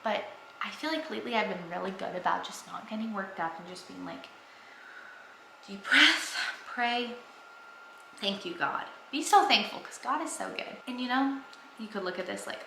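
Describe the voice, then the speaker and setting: A woman's voice: medium pitch, expressive, normal speed, vocal fry, sharp tone, roomy sound, a little hiss or hum, rough recording. A young woman vlogging at home, talking earnestly and enthusiastically about her faith to the camera. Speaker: family vlogger. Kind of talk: casual faith talk to camera.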